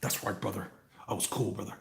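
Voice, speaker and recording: A man's voice: fairly low pitch, level tone, fast, gravelly, echoey room. A man putting on the voice of a brash, boastful male pro wrestler who growls catchphrases and calls everyone brother.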